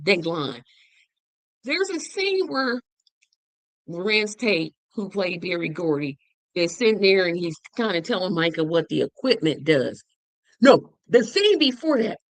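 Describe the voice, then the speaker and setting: This is a woman host chatting about a film she just saw. Her pitch leaps up and down and she leans hard on words, repeating them for effect. The sound is dry, with no room echo. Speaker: show host. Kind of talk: casual movie review chat.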